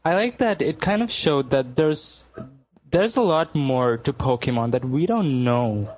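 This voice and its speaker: A man co-hosting a casual podcast chat, agreeable and quick to laugh and chime in. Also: medium pitch, expressive, darkish tone, dry recording. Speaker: podcast co-host.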